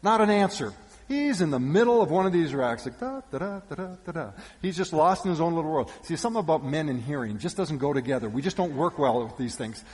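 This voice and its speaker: A male pastor giving a sermon with animated storytelling, shifting between loud calls and hushed asides. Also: a little high, fast. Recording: long reverb of a church hall.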